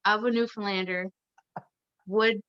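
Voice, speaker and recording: A woman's voice: medium pitch, fairly even intonation, unhurried, a bit bright, smooth. A woman from Canada, a podcast guest, chatting casually and laughing often. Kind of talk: casual interview chat. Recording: slightly muffled lo-fi audio.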